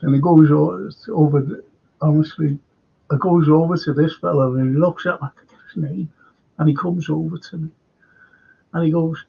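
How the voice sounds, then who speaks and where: A man hosting a live football fan show, rambling and indignant, with a gravelly voice on dull lo-fi audio. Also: fairly high pitch, fairly even intonation, moderate pace, long pauses, mellow. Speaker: football podcast host. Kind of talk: live-streamed fan chat.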